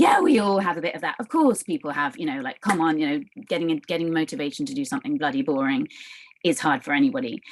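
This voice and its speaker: A woman in her thirties talks as a guest in an interview, with a slightly low voice. Her speech is animated, halting and full of restarts and fillers. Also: low-quality recording. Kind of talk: conversational interview.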